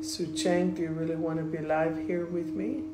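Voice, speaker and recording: A woman's voice: sits low, little pitch movement, moderate pace, heavy background noise. A woman hosting a live stream as a spiritual coach, talking casually and rambling, greeting viewers by name as she goes. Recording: roomy echo.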